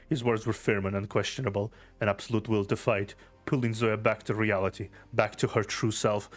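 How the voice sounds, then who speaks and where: Lower-voiced male streamer reading game text. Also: flat delivery, fairly quick, few pauses, faint music behind. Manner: reads story text aloud, laughs and swears easily. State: teary-eyed.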